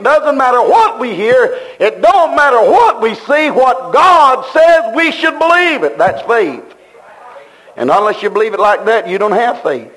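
A man's voice: high voice, a bit bright, low-quality recording. A man preaching a sermon, fervent and repetitive, in plain-spoken, folksy speech.

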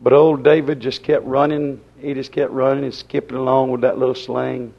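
A man preaching a sermon in a folksy, dramatic way, swinging between loud and soft. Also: mid-range voice, level tone, moderate pace, creaky. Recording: dull lo-fi sermon recording.

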